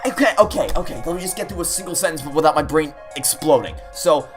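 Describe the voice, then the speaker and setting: A man commentating a let's play, frantic and incredulous, stammering and cursing in loud outbursts. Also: on the high side, animated, fast. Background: game music.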